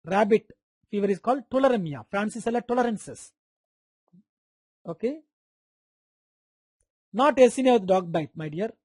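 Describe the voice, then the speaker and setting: A man's voice: high-pitched, expressive, normal speed, pauses often, a little mellow, breathy edge, no echo. A man with an Indian English accent giving a live online medical lecture, repeating key terms, quizzing students by name and making playful sound effects.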